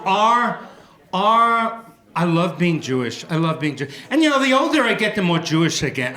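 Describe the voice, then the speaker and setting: A middle-aged man doing a stand-up comedy set, animated and jumping into shouted high voices for punchlines. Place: event hall before an audience. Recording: echoey live room.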